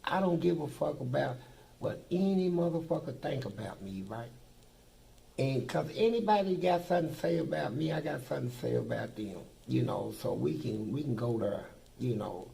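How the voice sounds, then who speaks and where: A man's voice: mid-range voice, expressive, normal speed, creaky, mellow, low-quality recording. An older man telling stories in a blunt, profane, streetwise way, as a guest in an interview. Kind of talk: casual storytelling.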